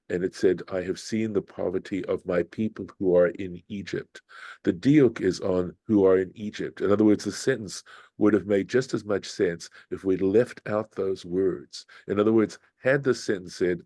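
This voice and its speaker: An older man, a rabbi, giving a reflective scripture lesson with frequent pauses and restarts. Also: deep voice, warm tone, dry recording. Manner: thoughtful, unhurried, reflective with many restarts. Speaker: rabbi teaching Torah study.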